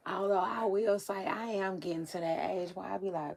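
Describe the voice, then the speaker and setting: A woman with a low, animated voice, vocal fry, and a darkish tone hosts a celebrity gossip livestream. She rambles on casually to her viewers in a drawn-out, chatty manner, laughing often, recorded on a livestream setup.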